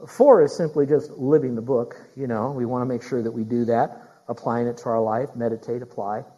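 A man preaching a sermon as pastor, talking straight to his congregation with questions and building to loud, emphatic preaching. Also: mid-range voice, steady tone, brisk, lo-fi sound.

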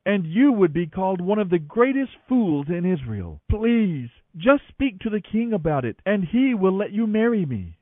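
A desperate young princess pleads and protests, voiced by a man reading a Bible story aloud. The voice rises high and strained with feeling. The sound is thin and phone-like, with no room echo. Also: expressive, a little fast, hardly any pauses. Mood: pleading. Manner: pleading, emotional. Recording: tinny phone-like audio, dry.

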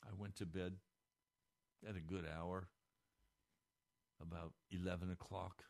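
A man giving a radio devotional, speaking fervently, his pitch climbing when moved, recorded in a radio studio. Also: little pitch movement, measured pace, pauses often, darkish tone. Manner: fervent, rising pitch with emotion. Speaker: radio preacher.

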